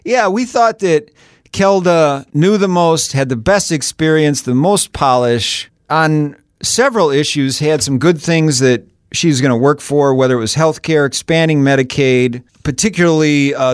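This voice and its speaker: A man in a relaxed political podcast chat, his voice on the higher side and recorded dry and close. He talks in a chatty, teasing way and laughs often. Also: normal speed, clean tone, no echo. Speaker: podcast co-host, editorial board member.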